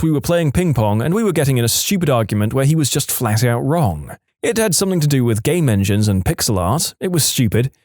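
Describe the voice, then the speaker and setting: Animated male storyteller, dry sound. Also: mid-range voice, no room sound. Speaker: story narrator. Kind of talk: reading online stories aloud.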